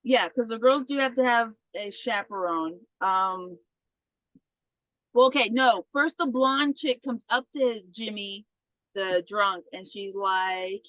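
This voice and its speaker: A young woman co-hosting a podcast retells a movie in casual chat, acting out the characters' lines in an animated way and saying "like" frequently. Her voice is medium in pitch and slow. There's no echo, but the audio is poor.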